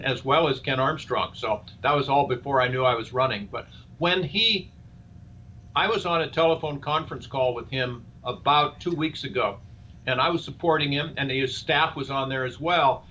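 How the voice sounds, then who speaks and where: The older man, a guest and presidential candidate, speaks earnestly in a live interview at a moderate pace, his sharp voice pitched at a medium level. He frames points as rhetorical questions, speech-style, and the sound is dull and lo-fi with faint noise.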